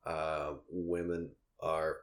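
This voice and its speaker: A young man hosting a casual podcast conversation, talking in a relaxed, rambling way with lots of fillers and restarts. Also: extremely low pitch, extremely slow. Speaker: podcast host.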